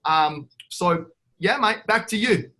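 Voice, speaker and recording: A brash Australian man talks in a casual podcast interview, upbeat and blunt. His voice sits high for a man and has a bright, forceful edge. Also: animated, slow. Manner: brash, upbeat, calls the host "mate". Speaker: guest real estate investor.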